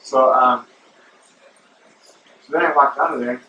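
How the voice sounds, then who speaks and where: Host, male, rambling casual storyteller with a bright, forceful voice, recorded distant from the mic in a roomy space. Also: medium pitch, steady tone, unhurried, lo-fi sound, a little hiss or hum. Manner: rambling, filler-heavy, calls listener bro. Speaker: show host.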